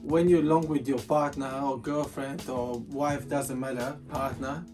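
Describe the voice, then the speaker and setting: A man's voice: mid-range voice, steady tone, a little slow. A man chatting casually as a vlogger about being a partner, joking and repeating his words. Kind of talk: casual chat. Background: soft guitar music.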